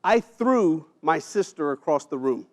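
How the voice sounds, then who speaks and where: A man giving a personal storytelling speech at an event, emotional, with dramatic pauses and quiet drops at heavy moments. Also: on the high side, lively intonation. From United States. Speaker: keynote speaker. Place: event stage.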